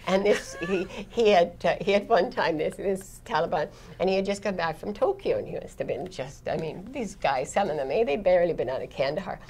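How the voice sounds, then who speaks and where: Gravelly low-voiced woman telling stories. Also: animated, brisk, darkish tone. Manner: chatty, laughing often, many restarts. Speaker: foreign correspondent. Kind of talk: reflective interview storytelling.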